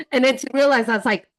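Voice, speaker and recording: A woman from the United States, a podcast guest, chatting in a playful way and laughing easily. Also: medium pitch. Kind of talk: casual podcast chat.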